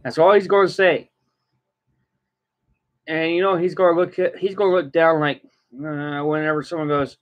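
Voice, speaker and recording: Chatting casually as he reacts to something, this male vlogger laughs often with a high, giggly laugh. He keeps a steady tone at normal speed with long pauses, on a dull lo-fi recording.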